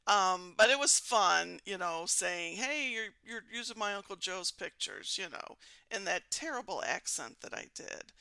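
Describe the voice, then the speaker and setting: A woman's voice: fairly low pitch, vocal fry, pushed and bright, dry recording. A woman from Missouri chatting casually and with amusement as a podcast host, with frequent fillers. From Missouri, United States. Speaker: podcast host baiting romance scammers. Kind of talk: casual commentary.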